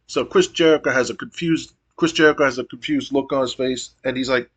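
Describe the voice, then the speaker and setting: A man's voice: mid-range voice, steady tone, fairly quick, few pauses. A man narrating a wrestling sim playthrough as a game streamer, giving a play-by-play recap with casual asides.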